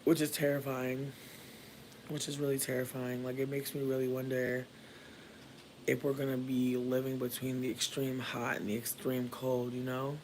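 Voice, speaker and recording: A man from Michigan chatting casually with viewers while doing his hair, playful and profane, with sudden jumps into high squeals. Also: completely flat delivery, moderate pace, slight background noise. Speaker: livestreamer.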